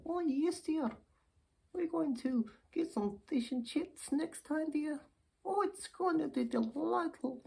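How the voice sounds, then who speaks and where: A woman voicing a chatty, giddy Scottish woman puppet in her sixties, who speaks in a high, fluttery voice and calls everyone dear in a ventriloquist act. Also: lively intonation, slow, gravelly, darkish tone, heavily acted. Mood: giddy, excited. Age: 60s.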